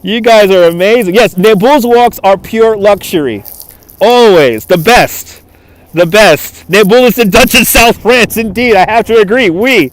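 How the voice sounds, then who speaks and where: A livestream host with a high-pitched voice talks at normal speed while walking outdoors along a cold waterfront. He's chatty and laughs as he thanks viewers by name, filming on a phone mounted on a gimbal.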